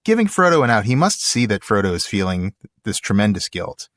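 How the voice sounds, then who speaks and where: A man co-hosting a podcast, discussing a book in an animated, emphatic way and reading passages aloud. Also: fairly low pitch, a little fast, dry recording, studio quality. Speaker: podcast co-host.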